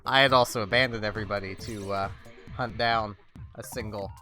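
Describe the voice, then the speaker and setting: A man casually narrating his gameplay on a live stream. He rambles and jokes, often at his own expense, and keeps the talk loose and off the cuff. Game music plays clearly in the background. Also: lowish voice, steady tone, fairly quick, bright, forceful tone. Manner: rambling, jokey, self-deprecating.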